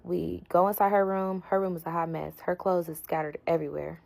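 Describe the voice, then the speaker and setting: Blunt, low, gravelly woman storyteller. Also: a little fast, low-quality recording. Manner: blunt, slangy and profane, animated retelling. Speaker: storyteller vlogger. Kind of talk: casual storytime.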